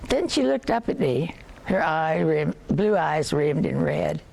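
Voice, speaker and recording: An older woman reading a novel aloud to listeners, measured, with occasional slips and restarts. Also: low-pitched, animated, creaky, a little mellow. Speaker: reader.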